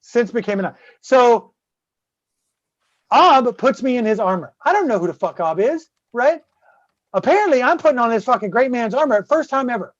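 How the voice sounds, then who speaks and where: A man's voice: very high-pitched, lively intonation, moderate pace, no echo. A man guest-hosting a podcast, telling a long rambling story full of swearing and constant "right?" checks. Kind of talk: casual profane storytelling. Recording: dull, dry close-mic sound.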